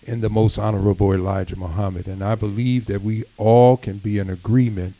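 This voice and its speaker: Man, middle-aged, sermon-style address, low voice, warm dark tone, measured delivery, builds emphasis. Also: fairly even intonation, rough recording. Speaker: speaker at a community gathering.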